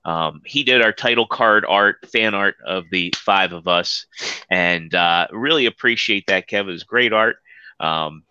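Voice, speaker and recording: A man hosting a podcast, chatting casually and rambling with plenty of fillers. His voice is bright and forward, sitting a little low. The audio is dry and dull, like lo-fi call audio. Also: a little slow, smooth, no echo. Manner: loose, rambling, many fillers. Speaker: podcast host. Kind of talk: casual chat.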